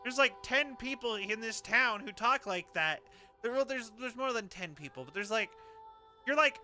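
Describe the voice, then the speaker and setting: Young man, streamer, rambling chatter, very bright tone, raised pitch. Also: lively intonation, normal speed, faint music behind. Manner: rambling, chatty, laughs between thoughts. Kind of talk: casual game commentary.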